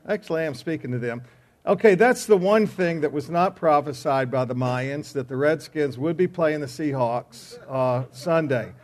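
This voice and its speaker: Male class leader opening with joking news. Chatty, rambling, slightly higher voice. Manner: rambling, chatty joke-telling with filler "uh"s. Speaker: class teacher. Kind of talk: joking announcements before a lesson.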